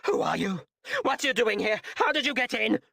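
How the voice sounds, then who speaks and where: Male reader doing a shrill, flustered female guild boss, audiobook, high voice. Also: animated, normal speed, creaky, bright, forceful tone, dry recording, studio quality, heavily acted. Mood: shrieking. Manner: shrill, startled, high-pitched.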